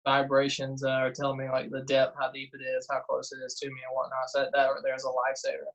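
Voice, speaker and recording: Animated man telling stories. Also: medium pitch, fast, creaky, dull audio. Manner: animated storyteller, acts out quotes, frequent "uh" and laughs. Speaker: guest diver and detectorist. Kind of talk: casual interview storytelling.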